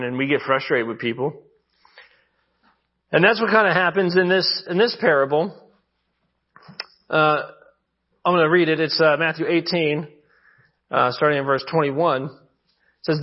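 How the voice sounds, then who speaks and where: A man preaching a sermon as pastor, reading scripture and then retelling it in a casual, joking way. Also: fairly high pitch. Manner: casual, joking asides, paraphrases scripture conversationally. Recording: muffled lo-fi sound.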